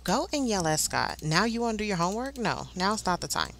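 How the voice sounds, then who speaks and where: A woman hosting a life-simulation game let's play, chatting casually and voicing the characters in quick asides. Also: medium pitch, big pitch swings, gravelly, a bit bright, slight background noise. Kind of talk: casual gameplay commentary.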